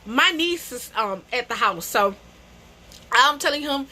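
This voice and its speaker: A woman's voice: high-pitched, animated, measured pace, sharp tone. A young adult woman telling a storytime to camera, emphatic and slangy, repeating phrases and calling people bro. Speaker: vlogger. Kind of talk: animated storytime.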